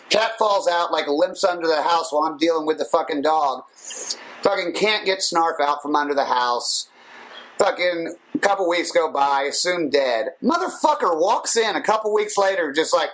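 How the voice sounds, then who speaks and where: A man in loose podcast banter, his voice sitting a touch high. He tells stories with lots of swearing and frequent laughter. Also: moderate pace, low-quality recording. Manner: profane, animated storyteller who laughs often. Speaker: podcast co-host. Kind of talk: casual chat.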